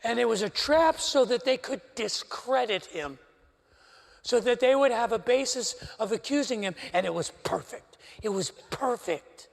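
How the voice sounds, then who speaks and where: A high-voiced male pastor preaches in a lively storytelling way, with wry humor throughout. His voice has a gravelly edge, and a long church reverb carries it across the sanctuary. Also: normal speed. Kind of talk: sermon. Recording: live church stream with long hall reverb.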